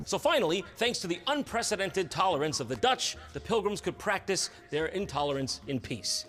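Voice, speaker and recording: A man delivering sarcastic, swearing comedic narration, with bursts of shouting. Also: high voice, animated, fairly quick, hardly any pauses, soft background music.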